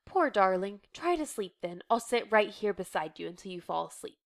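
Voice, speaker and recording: A woman voicing a gentle, hurt middle-aged mother in a soft, tender read. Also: mid-range voice, very animated, moderate pace, vocal fry.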